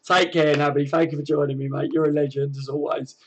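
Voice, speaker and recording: A man's voice: on the high side, little pitch movement, fast, highs cut off, slight background noise. Chatty man hosting a livestream. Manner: chatty, friendly, lots of fillers and "mate". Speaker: livestream host. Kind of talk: casual livestream chat, reading viewer comments. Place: at home.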